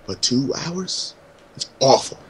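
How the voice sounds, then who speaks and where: A man of middling pitch joins a podcast call. He talks in a casual, animated way and swears freely. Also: slow, slightly rough. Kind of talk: casual chat.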